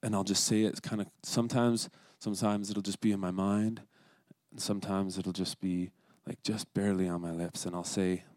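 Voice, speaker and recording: A man's voice: low-pitched, flat delivery, moderate pace, a little mellow, dry recording. A man giving an earnest, scripted devotional talk at a church service, sometimes dropping to a whisper for prayers. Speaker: lay speaker at a church service.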